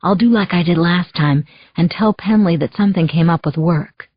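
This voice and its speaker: Woman reading smooth evasive businessman guy, kinda condescending, low husky voice. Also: normal speed, no room sound. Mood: placating. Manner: placating, slightly condescending. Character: smooth evasive middle-aged married businessman. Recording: dull lo-fi audio.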